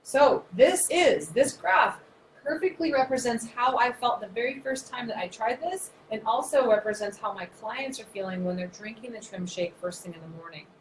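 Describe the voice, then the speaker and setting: Woman, 30s, chatty and animated, slightly high voice, echoey room. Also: moderate pace. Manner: animated, chatty, self-described nerdy. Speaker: naturopath presenter. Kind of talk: casual explanatory talk. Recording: echoey room, faint noise.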